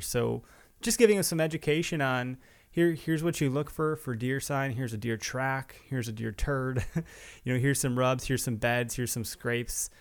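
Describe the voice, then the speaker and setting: A man's voice: mid-range voice, clear, resonant tone. A man, hosting a podcast in a rambling, chatty way full of fillers. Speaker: podcast host. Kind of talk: casual solo podcast intro.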